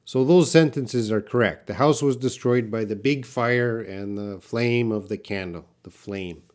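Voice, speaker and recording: A man's voice: medium pitch, a little slow, a little mellow. A man teaching English in a live question-and-answer stream, reading out viewer questions and explaining with patient restarts and fillers. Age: young adult.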